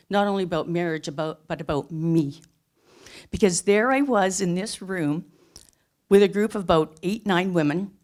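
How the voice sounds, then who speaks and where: A woman's voice: fairly low pitch, a little mellow. A middle-aged woman telling her own life story in an earnest, emphatic way, building up short phrases one after another. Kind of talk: personal storytelling talk.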